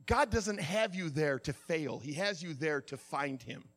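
A middle-aged man preaching a sermon, telling stories in an animated way and acting out the shouts himself. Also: a little high, measured pace. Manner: animated storytelling, acts out shouts. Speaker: pastor.

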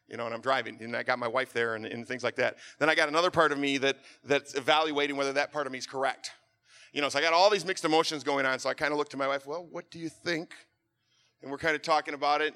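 A middle-aged man with a mid-range voice preaches a sermon, telling a story before building to a fervent exhortation that is nearly shouted.

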